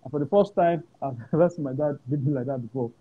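Animated storytelling man, lo-fi. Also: a little high, fast, crowd noise. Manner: animated storyteller, acts out quotes, laughs often. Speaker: interview guest. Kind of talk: casual storytelling interview. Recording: dull lo-fi sound with faint hiss.

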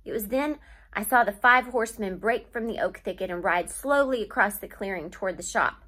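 A female teacher reads a children's novel aloud to her class in a mid-range voice, telling the story steadily and pausing to point out literary devices.

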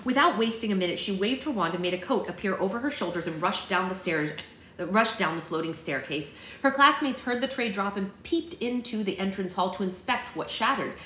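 A woman hosting a book club, reading a children's novel aloud in a steady, plain storytelling manner with small slips. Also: medium pitch, brisk, roomy sound, slight background noise, low-quality recording.

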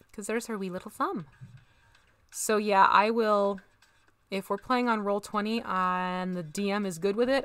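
Bubbly and talkative, a young woman paints miniatures on a livestream and reads chat aloud. Her mid-range voice has a fairly bright tone.

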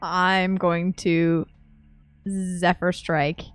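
A woman's voice: lowish voice, little pitch movement, extremely slow, no echo, faint music behind. A woman playing a tabletop game, chatting casually with frequent giggles and hesitations. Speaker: player. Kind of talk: casual game play chat.

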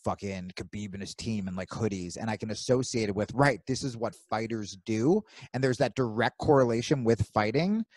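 A man from New Jersey co-hosting a podcast, telling animated stories with plenty of swearing and acting out his own inner voice. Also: fairly low pitch, fairly quick, few pauses, no echo. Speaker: podcast co-host. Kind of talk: casual chat.

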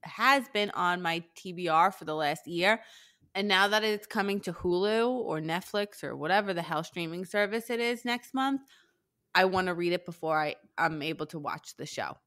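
A woman's voice: on the low side, moderate pace, a bit bright. A young woman co-hosting a podcast in casual chat, blunt and swearing casually. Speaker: podcast co-host.

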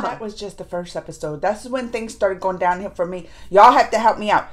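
A woman hosting a review channel, recapping episodes to viewers in a chatty, animated way and acting out characters' lines. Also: mid-range voice, fairly quick, hardly any pauses. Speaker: reaction and review channel host. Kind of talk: casual recap chat to viewers.

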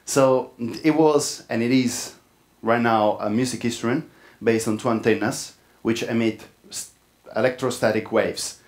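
A man's voice: medium pitch, fairly even intonation, a little slow. A man from Italy with an Italian accent, speaking at a conference in an informal way with frequent fillers. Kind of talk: tech conference talk.

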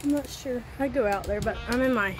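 A woman chatting casually to camera at home, rambling with soft laughs, a bit out of breath. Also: fairly high pitch, a little fast, background noise. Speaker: vlogger. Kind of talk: casual home vlog chat. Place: home, indoors and outdoors.

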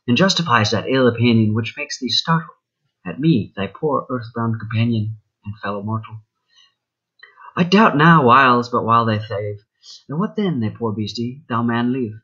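A man's voice: medium pitch, expressive, moderate pace, pushed and bright, slightly rough. A man reciting an old poem in a put-on Scottish brogue, with a rolling, lilting delivery that draws out the words. The recording sounds dull and lo-fi. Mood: tender, mournful. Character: male reader reciting old Scottish verse.

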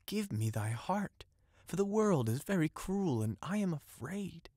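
A man's voice: mid-range voice, animated, a little slow, darkish tone, no echo, clean studio sound, lightly acted. A man voicing a fearful, cast-out soul who pleads plaintively. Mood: pleading.

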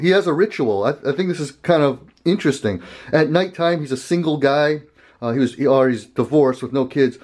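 A man's voice: fairly high pitch, lively intonation, normal speed, a little mellow. A man hosting a casual gun vlog, talking to camera in a rambling, conversational way and chuckling often. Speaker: gun channel host.

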